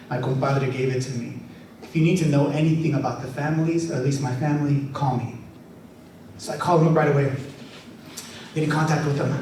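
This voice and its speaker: Author guy telling a story to a crowd, super chatty, sounds far off in a big echoey room with a bit of hiss. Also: mid-range voice. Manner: animated, chatty, leads the crowd in call-and-response. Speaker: author giving a reading. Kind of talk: lively storytelling to a live audience. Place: event hall with an audience. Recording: very echoey hall, far from mic, faint hiss.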